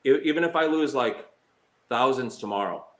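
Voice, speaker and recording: A man's voice: animated, moderate pace, a bit bright. A man on a live stream, talking in a hurt and heated way, stumbling over fillers and restarts. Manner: mocks others in a shrill high voice when quoting. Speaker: slots streamer. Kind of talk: emotional live stream talk.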